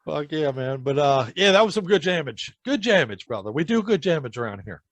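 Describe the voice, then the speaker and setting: A man's voice: on the high side, very animated, brisk, dry recording. A man hosting a podcast in casual chat, enthusiastic and swearing, calling people "brother" and "dude". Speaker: podcast host.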